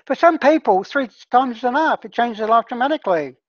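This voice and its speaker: A woman's voice: a little high, expressive, a little fast, no room sound. Woman, plant medicine facilitator, casual teaching talk, earnest, on a dull lo-fi call line. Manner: earnest, conversational, often checks in with "right?". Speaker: plant medicine healer leading a discussion group.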